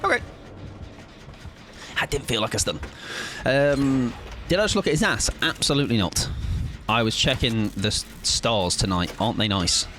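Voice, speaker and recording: A man's voice: medium pitch, expressive, normal speed, pauses often, bright, forceful tone, soft background music. A young man chatting playfully and joking as he streams a game. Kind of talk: casual live-stream gaming chat.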